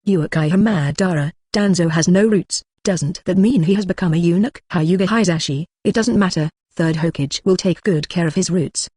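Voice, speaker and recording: A text-to-speech audiobook narrator reading a web novel, speaking punctuation marks like "exclamation mark" aloud in an even delivery. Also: mid-range voice, normal speed, few pauses, breathy edge, no echo.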